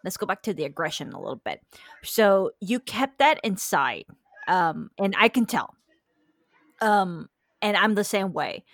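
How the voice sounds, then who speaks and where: A woman hosts a casual podcast chat, speaking in a middle pitch with a supportive, hesitant flow full of ums and uhs. Her voice sits close and dry, with no room sound around it. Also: very animated, measured pace, no echo. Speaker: podcast host.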